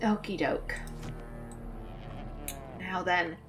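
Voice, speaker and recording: A young woman commenting on her gameplay, musing aloud and reading dialogue in a slow, thoughtful way. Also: lowish voice, steady tone, over music. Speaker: let's play host.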